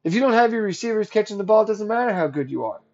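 A man with a high-pitched voice hosts his own sports podcast, ranting sarcastically and growing heated as he goes. The audio is dull and lo-fi. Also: lively intonation, racing, a little mellow. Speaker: podcast host. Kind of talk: solo sports podcast rant.

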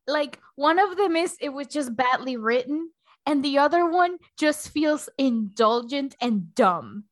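A woman co-hosting a casual movie review chat, animated and profane, switching between English and Spanish. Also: high voice, a little slow.

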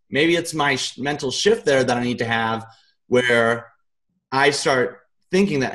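A man as an interview guest, telling a casual, animated story in loose, colloquial speech with some swearing. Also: mid-range voice. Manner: animated, acts out his own quoted thoughts.

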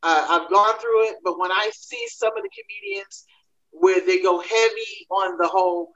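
A woman comedian talking through a panel discussion, telling her story in quick animated bursts. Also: mid-range voice, highs cut off.

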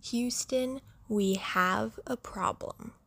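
A woman's voice: fairly high pitch, creaky, loud music behind the voice. A young adult woman with a sick voice, hosting a casual monologue segment with lots of fillers. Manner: chatty, filler-heavy, slow. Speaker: podcast segment host.

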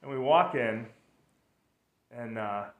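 A man's voice: medium pitch, slow, phone-quality sound. A male pastor giving a conversational sermon, telling stories with playful acted-out voices and self-deprecating humor. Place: church sanctuary. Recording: echoey room, voice far from the mic.

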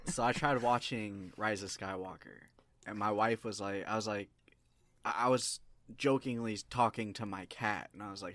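A man co-hosting a podcast who chats casually and tells stories in a lively, animated way. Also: fairly low pitch, brisk. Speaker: podcast co-host. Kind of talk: casual chat.

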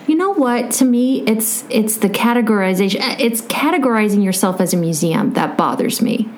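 A woman's voice: medium pitch, lively intonation, moderate pace, darkish tone, slight background noise. A woman co-hosting a podcast in casual chat, opinionated and plain-spoken with a dry, sarcastic edge. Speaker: podcast co-host.

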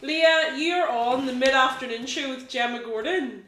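A woman's voice: high-pitched, unhurried, noisy background. A woman hosting a casual radio show, upbeat and giggly as she interviews a caller. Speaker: host. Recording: roomy studio echo.

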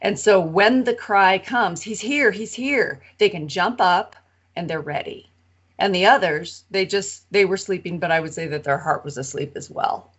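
A woman co-hosting a podcast, retelling a parable in an animated, casual way. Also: on the low side, normal speed, slightly rough, muffled recording. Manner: animated retelling with acted-out quotes. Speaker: co-host of a Bible study podcast.

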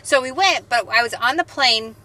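A woman's voice: a little high, expressive, normal speed, bright, forceful tone, poor audio. A woman co-hosting a podcast, chatting casually and rambling through a story. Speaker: podcast co-host. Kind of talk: casual chat.

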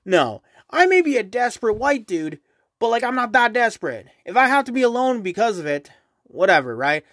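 Young male podcast host, high-pitched, rambling profane rant, dry close-miked sound. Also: very animated, brisk, a bit bright, no room sound. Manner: rambling, profane, keeps asking "right?". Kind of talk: casual solo podcast rant.

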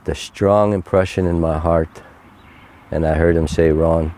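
Older guy, really low steady voice, earnest heartfelt testimony, kinda mellow. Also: a little hiss or hum. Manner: earnest, heartfelt, unhurried storytelling. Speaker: interview guest. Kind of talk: personal faith testimony.

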